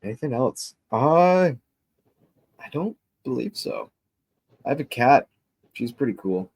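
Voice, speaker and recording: A man's voice: medium pitch, big pitch swings, a little slow, darkish tone, a little hiss or hum. A young man being interviewed, answering briefly with laughs and self-deprecating jokes. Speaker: sponsored disc golf player. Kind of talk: casual interview chat.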